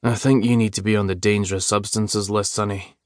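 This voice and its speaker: An easygoing Scotsman in an audiobook, as the male narrator puts him on speaks with a deep, lazy drawl. His manner is teasing and unhurried. His voice sits a little low, and the recording is dry and close. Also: steady tone, dry recording, lightly acted. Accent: Scottish. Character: adult Scottish man, lazy and teasing.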